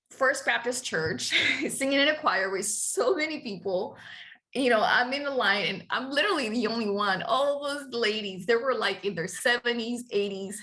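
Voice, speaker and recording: A woman's voice: on the high side, bright, forceful tone. A middle-aged woman from Nicaragua, a guest entrepreneur, telling her personal story in an interview, laughing often and acting out dialogue.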